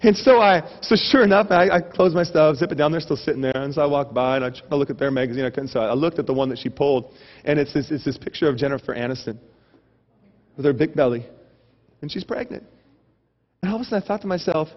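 A pastor with a fairly high voice delivers a sermon, telling a comic story with lively energy. The recording is muffled, and a long reverb trails his voice through the hall. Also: quick pace. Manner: animated, humorous storytelling.

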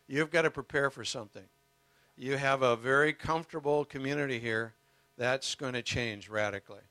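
A man's voice: medium pitch, pushed and bright, no room sound. An older man preaching as a guest speaker, earnest and emotional, telling his story with humor. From United States. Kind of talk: sermon.

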